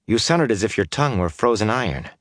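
A man reading an audiobook voices a proud, sharp-tongued young noblewoman who speaks in a tight, dismissive way. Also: fairly low pitch, expressive, fast, no room sound, clean studio sound, voice pushed up. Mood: tart.

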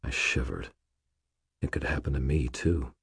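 A man's voice: rumbling low, a little slow, creaky, slightly rough, no echo, clean studio sound. A man reading a first-person story aloud in a wry, terse, hard-boiled manner. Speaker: audiobook narrator. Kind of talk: first-person scripted narration.

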